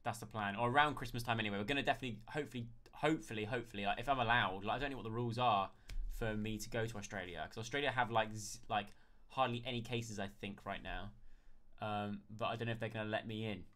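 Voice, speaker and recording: A man's voice: lowish voice, quick pace, bright, forceful tone. Chatty man live-streaming. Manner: chatty, thanks viewers by name. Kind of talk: casual live-stream chat.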